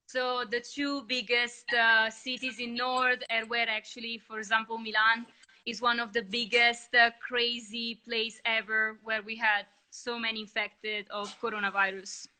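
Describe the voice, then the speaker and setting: A woman from Italy with an Italian accent, chatting as a guest on a video call in friendly, halting English. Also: on the high side, level tone, sharp tone, poor audio. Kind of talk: casual video-call chat.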